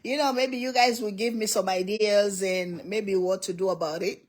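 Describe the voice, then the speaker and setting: A middle-aged woman hosts a casual livestream from home, speaking at a medium pitch with a steady tone and normal speed. She laughs often and greets her viewers one by one by name.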